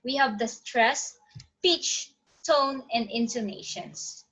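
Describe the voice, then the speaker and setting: A woman teaching phonetics in an online lecture, often saying "okay" and pausing to check her slides. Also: a little high, a bit bright, rough recording. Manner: frequent "okay" fillers, pauses to check slides.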